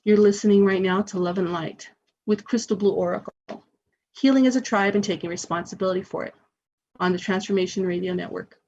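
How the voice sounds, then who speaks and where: A woman's voice: medium pitch, fairly even intonation, a little fast, a little mellow, lo-fi sound, a little hiss or hum. A woman hosting a spiritual self-help radio show, talking in an earnest, encouraging way.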